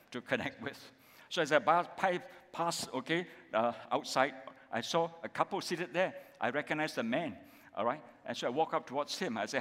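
Malaysian pastor preaching in a reverberant hall. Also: male voice, mid-range voice, a bit bright. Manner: emphatic, repetitive, with frequent tag questions. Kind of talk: sermon.

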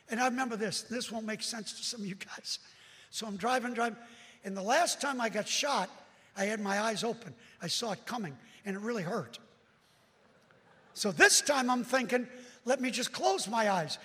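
Very high-voiced preacher in a reverberant hall. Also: male voice, normal speed. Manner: animated, bursts into shouts, addresses folks directly. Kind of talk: storytelling sermon. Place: large hall with a balcony.

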